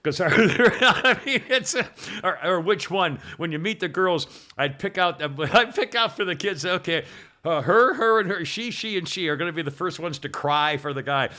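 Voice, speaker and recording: A man's voice: a little high, moderate pace, bright, forceful tone. An older man hosting a podcast, telling long rambling stories in casual chat and laughing often. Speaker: podcast host.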